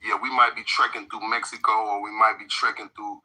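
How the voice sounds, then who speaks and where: A man with a very bright, husky voice gives heated casual commentary. He is profane and animated, jumping from loud outbursts down to muttering. The audio sounds like it is coming over the radio. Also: on the low side, a little fast, low-quality recording. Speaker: commentary co-host.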